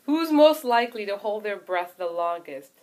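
A woman's voice: medium pitch, expressive, normal speed, darkish tone. Teasing mother asking quiz questions. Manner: teasing, laughs often. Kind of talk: casual family chat.

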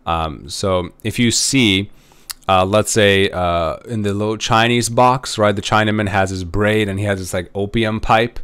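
A history professor gives a recorded lecture in a loose, conversational way, peppered with "um" and "right?" tag questions. His voice is fairly low, smooth and fairly bright, and he speaks a little slowly.

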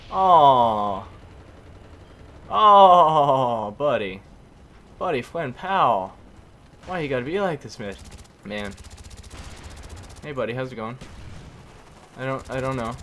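A hoarse young man giving excitable gameplay commentary, groaning and exclaiming at his teammates. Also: medium pitch, a little hiss or hum. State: hoarse, losing voice. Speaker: gaming YouTuber. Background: faint gunfire from the game.

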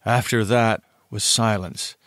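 A man reading a horror story aloud in a grave, deliberate voice with dramatic pauses. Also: lowish voice, steady tone, fairly bright tone, no room sound, clean studio sound. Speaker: audiobook reader. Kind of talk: scripted horror narration.

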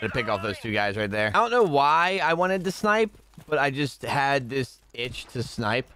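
Animated young man yelling over gameplay. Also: mid-range voice, normal speed. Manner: talks to viewers, bursts into yelling rage at deaths. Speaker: gaming streamer. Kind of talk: casual gameplay commentary. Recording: faint gunfire behind.

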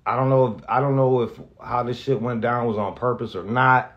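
In a candid, unscripted vlog, this radio host keeps stopping and starting over, swearing heavily as he rambles. He speaks earnestly and emotionally about his gratitude, in a medium pitch with fairly even intonation. The sound is lo-fi.

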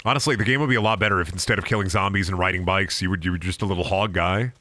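A man's voice: low-pitched, rapid-fire. A young man streaming a video game, ranting and joking with lots of swearing. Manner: profane, jokey rants, swings into loud silly bits. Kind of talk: casual gameplay commentary.

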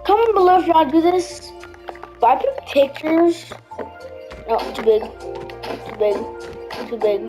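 A woman's voice: sits high, big pitch swings, measured pace, long pauses, poor audio. A woman giving casual gameplay commentary, rambling and repeating herself as she builds. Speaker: gaming video creator. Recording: clear background music.

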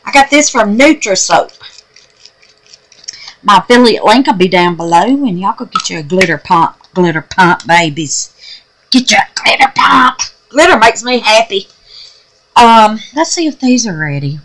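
A woman chatting away to her viewers while she works on a craft. Her voice swoops up and down with excitement, and she talks at an unhurried, easygoing pace, folksy and affectionate. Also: medium pitch, slight background noise, low-quality recording. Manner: folksy and excitable, calls viewers babies and darlings. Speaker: resin craft vlogger.

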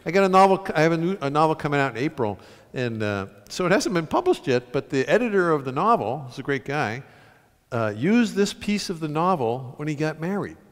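A man from the United States, an author telling stories and reading aloud to an audience, animated, with sudden loud bursts. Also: fairly high pitch, a little fast. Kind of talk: storytelling talk and reading to an audience. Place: large concert hall with an audience. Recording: long hall reverb.

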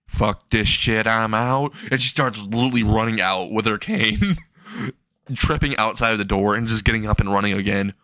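A man's voice: lowish voice, bright, forceful tone, dry recording. A young man casually narrating an improvised comedic fan story, crude and laughing.

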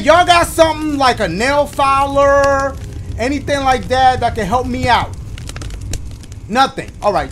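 A man's voice: high voice, fairly bright tone, a little hiss or hum. A man giving let's-play commentary, joking with the audience and his partner, then muttering nervously. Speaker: gaming YouTuber.

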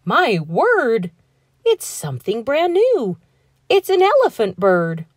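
A woman's voice: a little high, wildly swooping pitch, slow pace, no echo, clean studio sound, full character voice. Lady reading as a wowed circus crowd from a storybook, all exclaiming. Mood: amazed. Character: amazed cheering circus crowd.

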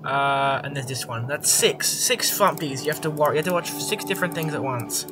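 A young adult gamer giving casual, excitable commentary over a horror game, swearing often and reacting loudly to surprises. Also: medium pitch, moderate pace, music in the background.

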